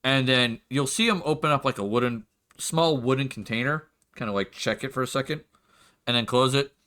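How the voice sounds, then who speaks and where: A man's voice: mid-range voice, fairly quick, sharp tone. A man narrating as game master of a tabletop game, rambling and correcting himself as he goes. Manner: rambling, laughs and self-corrects.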